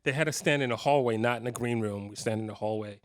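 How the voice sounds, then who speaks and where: A man's voice: mid-range voice, quick pace. A man in his fifties, a guitarist telling funny stories to a live clinic audience. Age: 50s. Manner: animated, jokey anecdotes with frequent laughs. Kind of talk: casual storytelling to a live audience.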